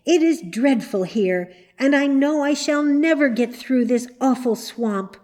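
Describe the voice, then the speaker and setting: A woman's voice: sits high, measured pace, warm tone, voice pushed up. Woman voicing a frightened, pleading little girl. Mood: upset, pleading. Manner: anxious, pleading cries. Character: distressed little girl, easily upset and pleading.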